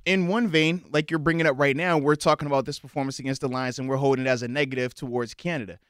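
A man co-hosting a casual sports talk show, reasoning through his points in a measured way. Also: mid-range voice, fairly even intonation, a bit bright, clean tone, no echo, clean studio sound. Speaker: sports podcast co-host.

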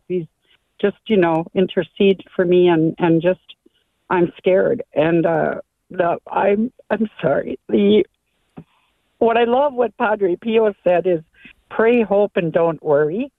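A woman in her sixties calling in to a radio show, telling her story in an emotional, rambling, halting way over the phone. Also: on the low side, dry recording. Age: 60s. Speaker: caller. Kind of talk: call-in testimony. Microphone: telephone. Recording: tinny phone line.

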